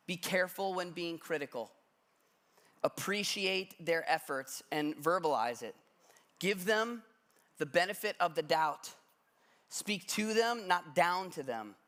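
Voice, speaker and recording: In a church sanctuary, a pastor in his thirties delivers a sermon in a bright, forceful voice that sits a bit high for a man. He tells stories conversationally and relaxed, poking gentle fun at himself along the way.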